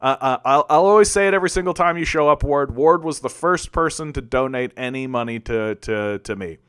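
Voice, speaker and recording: A man from Canada hosts a casual political commentary livestream and talks straight to his chat. His voice is smooth and clear, recorded dry and close to the mic. He rambles, restarts his sentences often and leans on filler words. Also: medium pitch, brisk, a bit bright, no echo.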